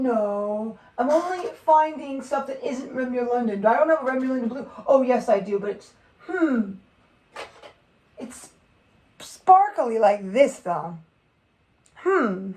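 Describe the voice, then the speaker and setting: A woman's voice: sits high, darkish tone. A woman hosting a casual nail art tutorial, thinking aloud in a rambling, chatty way that keeps correcting itself.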